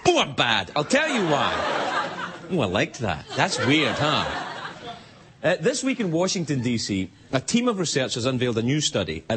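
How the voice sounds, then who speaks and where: Playful Scottish late-night host. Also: male voice, medium pitch. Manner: playful, teasing, joking. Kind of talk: comedy monologue. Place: TV studio before a live audience. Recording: loud studio audience laughter and noise.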